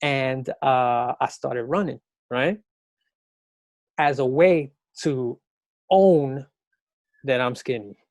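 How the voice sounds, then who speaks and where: A middle-aged man from New York, a podcast guest in casual chat, telling animated, slangy stories. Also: slow, long pauses, no echo. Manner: animated storyteller, slangy, mimics people in high voices.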